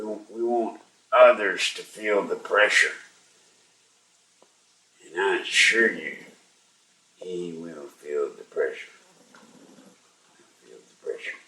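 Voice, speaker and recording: Older guy on talk radio, low voice, slow and strained, kinda pleading, roomy echo like he's away from the mic. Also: sharp tone, distant mic. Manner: slow, strained, pleading and urging listeners to act. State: weak and unwell, struggling to speak. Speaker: radio talk show host. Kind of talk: live talk radio monologue.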